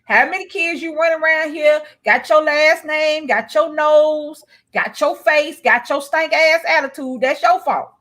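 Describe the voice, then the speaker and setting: Woman cohost, high voice, blunt and cussing, just chatting loose. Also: unhurried, few pauses, fairly bright tone. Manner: blunt, profane storytelling with laughs. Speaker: co-host. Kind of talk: casual chat.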